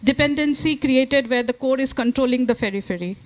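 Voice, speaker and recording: A young woman poses her question politely and earnestly, leaning on academic terms. Her voice sits fairly high. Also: brisk, low-quality recording. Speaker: research associate asking a question. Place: conference hall.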